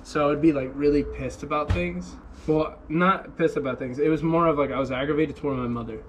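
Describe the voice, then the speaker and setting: A man's voice: on the high side, fairly even intonation, fairly quick. A man from Oregon casually telling a long story, rambling and full of "like" fillers. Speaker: local farm resident telling a story. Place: outdoors on a farm. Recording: noisy outdoor recording.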